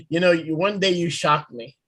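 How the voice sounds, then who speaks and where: A man's voice: fairly high pitch, a bit bright, no echo. A man leading a congregation meeting, joking and teasing the others in playful banter. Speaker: congregation leader.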